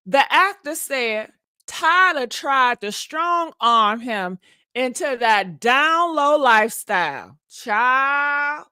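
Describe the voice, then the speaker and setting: Sassy woman host with bright high voice. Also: no echo, studio quality. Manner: sassy, preachy, calls out to viewers. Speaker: commentary channel host. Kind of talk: gossip commentary livestream. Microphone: streaming setup mic.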